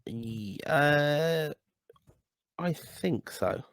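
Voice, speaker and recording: A man's voice: a little high, animated, extremely slow, no echo. An Irish man co-hosting a podcast, chatting casually about football with emphatic, blunt opinions. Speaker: podcast co-host.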